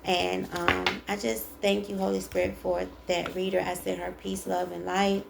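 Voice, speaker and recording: A woman's voice: on the low side, level tone, moderate pace, vocal fry, heavy background noise. A woman doing a casual spiritual tarot card reading, chatty and emphatic, reading card texts aloud and repeating the key lines. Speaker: tarot reader.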